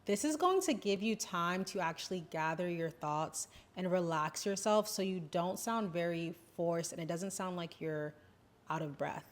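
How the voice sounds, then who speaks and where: A woman speaking as a lifestyle coach in an advice vlog, calm, gentle and instructive. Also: on the low side, normal speed.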